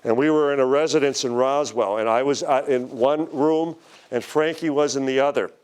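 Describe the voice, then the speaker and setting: An older man giving a conference talk, telling a story slowly and dramatically, quoting the people in it. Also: medium pitch, steady tone, a little mellow, clear, resonant tone. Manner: slow, dramatic storytelling with quoted voices. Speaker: speaker at a UFO conference. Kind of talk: storytelling lecture. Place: lecture hall.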